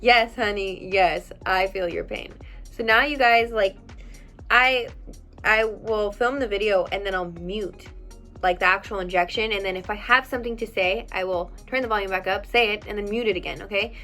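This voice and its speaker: A young adult woman vlogger chatting casually as she answers viewer questions, blunt and animated, with plenty of "um" and "like" fillers. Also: mid-range voice, moderate pace, faint music behind. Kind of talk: casual chat.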